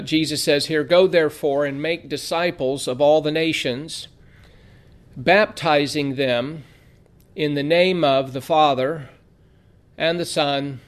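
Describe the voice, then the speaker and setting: Bible teacher with a slightly high voice. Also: male voice. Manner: measured, reads scripture aloud with frequent "uh" fillers. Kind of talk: theology lecture.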